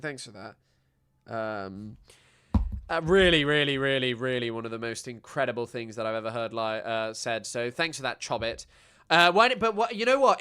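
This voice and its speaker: Brief: man, livestream reaction host, sarcastic and ranting, clean smooth voice. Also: mid-range voice, fairly bright tone. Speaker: streamer.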